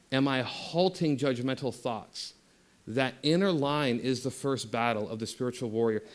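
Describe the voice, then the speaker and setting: A man delivers a spiritual talk in a middle-pitched voice. He preaches with passion, pushing loud when he exhorts and going soft and low when he leads the listeners inward. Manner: impassioned, rising loud in exhortation, dropping soft for meditation. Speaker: guest speaker at a spiritual center. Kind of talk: spiritual talk and guided meditation.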